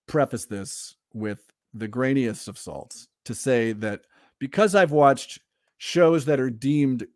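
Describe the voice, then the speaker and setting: A man co-hosting a casual podcast chat, animated and full of fillers, laughing often. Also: medium pitch, no room sound, studio quality. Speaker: podcast co-host.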